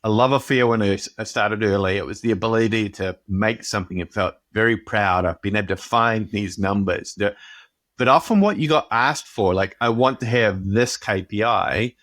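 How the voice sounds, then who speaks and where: A man with a fairly low voice co-hosts a casual business podcast, chatting over a video call. He talks in animated bursts and breaks off to restart his sentences. The sound is dry and close, with no room around it. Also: brisk, no room sound. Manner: animated, self-interrupting storyteller. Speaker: podcast co-host. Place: home office on a video call.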